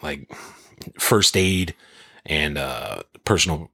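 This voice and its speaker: Husky, deep-voiced man telling a story. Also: slow pace, no echo, clean studio sound. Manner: profane, animated storyteller. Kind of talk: casual chat.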